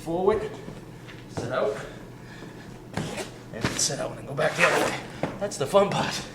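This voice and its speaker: Man, energetic fitness coach, counts reps while working out, recorded from a distance in a noisy room. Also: fairly high pitch, measured pace, gravelly. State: out of breath at times. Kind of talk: demonstrating warm-up drills. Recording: roomy, distant mic with ambient noise.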